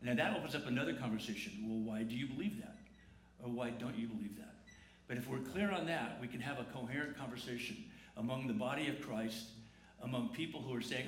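In a big church with echo and a little faint noise, a man gives an Easter sermon. This pastor speaks quickly in a mid-range, fairly bright voice, keeping it conversational and jokey and drawing call-and-response from the congregation.

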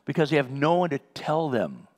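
His voice is a little high and somewhat dark in tone, swinging widely in pitch at a slightly fast clip. Leading a Bible study conversationally, he shares personal stories, performs the dialogue he remembers, and lets out chuckles.

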